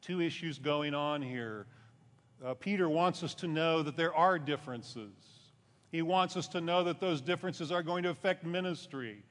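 A male pastor's somewhat high, slightly bright voice moves at a moderate pace through a conversational sermon. Points get emphasis as his voice rises, then it dips low at thought endings, echoing with long hall reverb.

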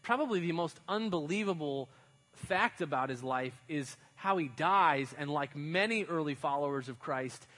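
A male pastor giving a relaxed, conversational sermon. He talks like a friend explaining a story, with slang and loose, chatty phrasing. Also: a little high, moderate pace, poor audio. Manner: chatty, uses slang and fillers, dramatizes stories.

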